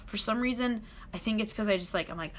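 A woman hosting a podcast, chatting casually with a friend, giggly and full of quick asides. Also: medium pitch. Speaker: podcast host. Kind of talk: casual chat.

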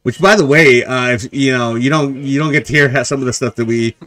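A man's voice: mid-range voice, brisk, fairly bright tone. A man co-hosting a podcast in casual banter, joking and rambling, laughing often. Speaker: podcast co-host.

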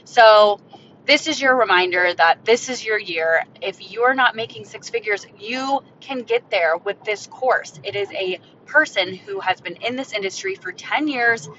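Unhurried yet upbeat and salesy, a young Florida podcast host excitedly pitches her casual solo show into her phone while driving. The phone recording sounds dull, with the car's rumble in the background.

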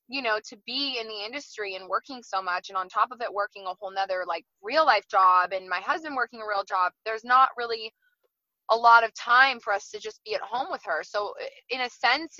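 A woman's voice: medium pitch, bright, forceful tone, no room sound, highs cut off. A woman talking candidly from her car as a guest, often repeating words as she starts a thought. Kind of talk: casual chat.

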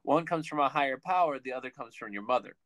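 A man's voice: medium pitch, lively intonation, quick pace, crowd noise. A man from Guam, a stand-up comedian joking and rambling irreverently in a casual chat.

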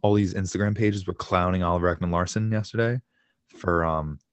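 A man's voice: lowish voice, dry recording. A young man co-hosting a sports podcast, chatting casually and getting worked up, swearing and laughing as he tells stories. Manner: excitable, swears, laughs while telling stories. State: home with a fractured shin. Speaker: podcast co-host.

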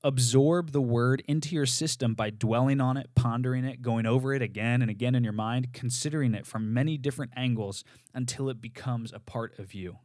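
A man's voice: mid-range voice, fairly quick, a little mellow, no room sound, studio quality. A man co-hosting a podcast, earnestly teaching and repeating key phrases for emphasis. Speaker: podcast co-host teaching on meditation. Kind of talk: casual teaching talk.

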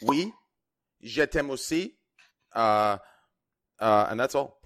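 Guy hosting a group call, mid-pitched, stammers and repeats himself a lot, goofy. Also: animated, takes it slowly, a bit bright. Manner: stammering, repeats words, playful. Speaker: host of a group video chat. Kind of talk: casual chat.

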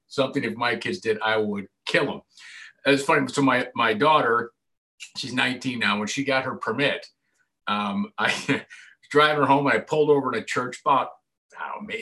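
A man's voice: mid-range voice, fairly quick. A man in his forties from upstate New York, chatting casually and acting out the voices in his stories. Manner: animated storyteller, acts out quoted voices. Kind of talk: casual chat.

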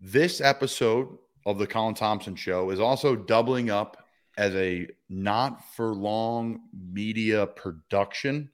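A man with a Philadelphia accent hosting a podcast in a chummy, casual way, often addressing listeners as "guys.". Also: lowish voice. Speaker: podcast host.

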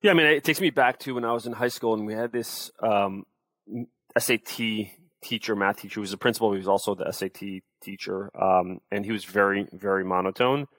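A man's voice: on the low side, brisk, fairly bright tone, no room sound. A young adult man, a sales coach, explaining and demonstrating tones of voice in a casual interview.

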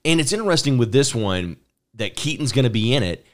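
A man's voice: medium pitch, expressive, a little fast. A man hosting a casual podcast, enthusiastic and repeating words as he starts his thoughts. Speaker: podcast host.

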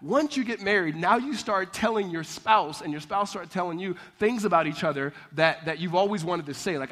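A man with a high voice preaches a sermon in a church, telling stories with lots of energy and laughing as he goes. He acts out both sides of the dialogue in his stories, then turns serious and rises in fervor when he comes back to his main point. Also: brisk, hardly any pauses. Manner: animated storytelling, acting out dialogue, laughing often. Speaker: pastor.

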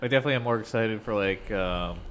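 A lowish male voice rambles through a casual chat, peppered with swearing and loose tangents. A faint steady hum sits behind him. He talks like a relaxed co-host going wherever the conversation leads. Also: fast talker. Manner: profane, loose and digressive.

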